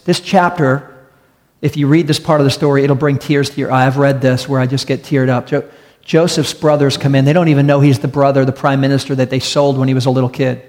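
This male pastor has a medium-pitched, darkish voice as he preaches with earnest storytelling, driving home key phrases through repetition. He addresses a congregation in a church hall with an audience, and the sound carries a long hall reverb.

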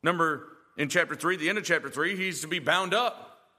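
High-voiced man preaching emphatically. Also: normal speed, pushed and bright, long reverb tail. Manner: emphatic preaching with rhetorical questions. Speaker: pastor. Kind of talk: sermon.

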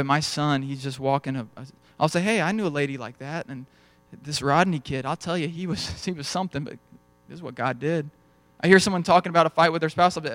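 A man's voice: a little high, fairly bright tone, no echo. A young adult man preaching a sermon in a conversational storytelling way, acting out bits of dialogue as he goes. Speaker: pastor.

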